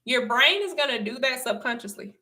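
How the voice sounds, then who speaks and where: A young adult woman from the Southern United States hosts a casual livestream, talking to viewers in a high-pitched, expressive, fairly quick voice with a sharp tone. She repeats things for emphasis and laughs often.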